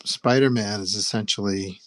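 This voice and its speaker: A man's voice: on the low side, moderate pace, a bit bright, dry recording. A man co-hosting a casual podcast, laid-back and chiming in with short reactions. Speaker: co-host.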